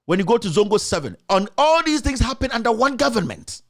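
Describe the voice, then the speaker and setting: A man's voice: very high voice, sing-song, fast talker. A man with a Ghanaian accent giving passionate political commentary as a talk show host, answering his critics directly with repeated rhetorical questions. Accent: Ghanaian English.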